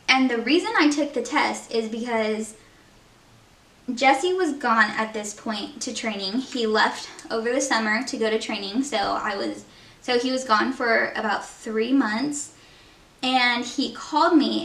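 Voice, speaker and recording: A woman's voice: fairly high pitch, a bit bright, recorded from a distance. A young woman vlogger talking casually and from the heart while doing her makeup, with lots of fillers. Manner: chatty, heartfelt, fillers like "like" and "you know". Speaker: beauty vlogger. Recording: echoey room, voice a bit off-mic.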